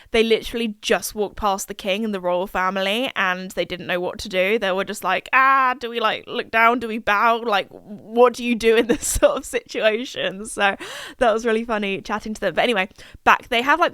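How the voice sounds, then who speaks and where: A woman's voice: mid-range voice, a bit bright, clean tone, dry recording, clean studio sound. A young woman, chatting casually and rambling on her solo podcast, full of fillers and asides. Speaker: podcast host.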